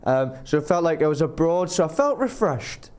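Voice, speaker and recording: Rambling man with a higher voice. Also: sing-song, normal speed, darkish tone. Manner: rambling, self-interrupting, laughs through his stories. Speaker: podcast guest. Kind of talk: casual storytelling.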